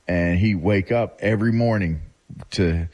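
A man's voice: sits low, a little slow. A man co-hosting a radio show, joking in casual banter and laughing often. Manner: laughing, animated, jokey. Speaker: co-host.

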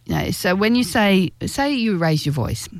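A woman giving relationship advice in a direct, earnest way, slowing down to stress key phrases. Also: medium pitch, animated, no room sound. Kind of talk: direct-to-camera advice talk.

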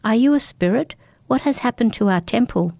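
A woman's voice: fairly high pitch, animated, fairly quick, creaky, darkish tone, dry recording, pitched above the performer's own voice. A woman voicing a frightened, bewildered young male villager who asks alarmed, pleading questions.

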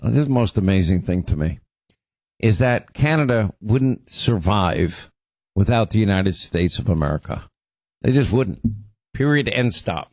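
A man's voice: fairly low pitch, lively intonation, a little slow, darkish tone, dry recording, clean studio sound. A man hosting a political commentary show, talking conversationally with a sarcastic edge. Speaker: host.

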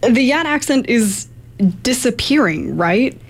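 Higher-voiced woman radio reporter asking. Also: sing-song, slow pace. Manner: brief, curious questioning. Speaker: radio producer and reporter interviewing. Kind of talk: radio interview questions.

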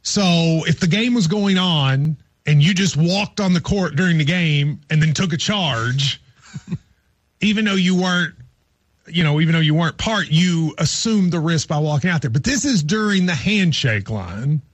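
A man's voice: fairly high pitch, lively intonation, normal speed, no room sound. A man co-hosting a sports radio show who teaches law, explaining at length with joking asides. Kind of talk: casual sports radio chat.

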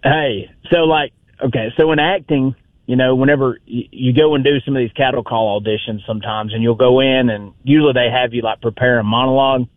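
A man's voice: mid-range voice, steady tone, fairly quick, no room sound. A male caller on a talk radio show, speaking in a rambling, filler-heavy way. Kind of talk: casual phone-in call. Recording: tinny phone line.

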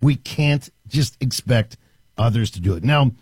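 A man hosting a talk radio show from a studio, delivering an animated, emphatic monologue with frequent restarts. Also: medium pitch, a little slow, husky, dry recording.

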